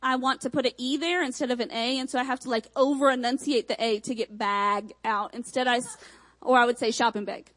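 A young woman from Michigan with a Texan accent, preaching a sermon with emphatic repeated phrases and quick asides. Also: on the high side, fairly even intonation, a bit bright, rough recording.

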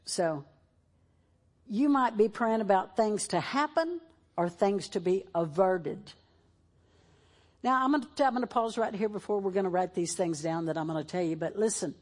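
A woman's voice: medium pitch, moderate pace, darkish tone. A woman preaching a sermon in a church, moving between fervent exhortation and tearful emotion. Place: church sanctuary, televised.

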